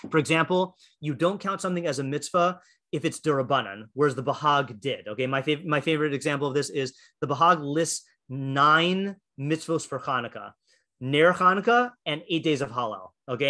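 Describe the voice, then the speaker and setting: A man's voice: fairly high pitch, a little fast, pushed and bright. A man teaching a Torah class in a casual, chatty way, full of fillers and restarts, reading passages aloud and explaining them.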